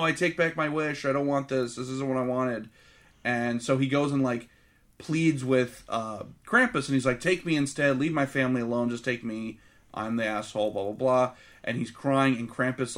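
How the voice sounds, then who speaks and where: A man's voice: medium pitch, a bit bright. A man co-hosting a casual movie podcast, recapping the plot in a blunt, profane storytelling way.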